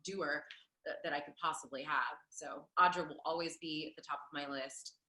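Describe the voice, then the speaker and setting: Lively woman guest in an echoey room. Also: sits low, normal speed. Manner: animated, laughs often, many fillers. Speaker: Broadway performer, guest. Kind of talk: casual interview answers.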